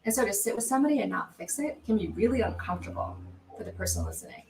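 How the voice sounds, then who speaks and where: A woman coach guesting on an interview over a video call, speaking in a calm, measured and earnest way. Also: on the high side, gravelly, reverberant, recorded from a distance, a little hiss or hum, poor audio. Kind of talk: interview talk.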